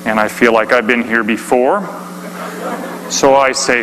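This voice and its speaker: A man preaching a dramatic story sermon, swinging between hushed delivery and shouting. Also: mid-range voice, fairly even intonation, measured pace, pauses often. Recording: long hall reverb, faint hum.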